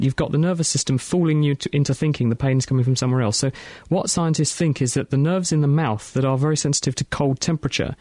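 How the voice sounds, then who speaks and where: A man co-hosting a science radio show, reading out listener emails and explaining answers in a brisk, chatty way. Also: mid-range voice, mellow, no echo, clean studio sound.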